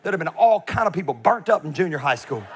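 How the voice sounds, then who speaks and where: Male pastor, high-pitched, funny animated sermon storyteller, shifts between loud punches and soft asides. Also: quick pace, soft background music. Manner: swings from loud emphasis to quiet asides.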